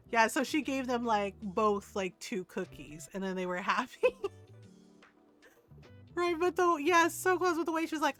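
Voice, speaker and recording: Chatty grandmother streamer, higher voice. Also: moderate pace, a bit bright, faint music behind. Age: older. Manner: chatty storyteller, laughs often, says "right?" a lot. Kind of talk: casual chat while playing a game.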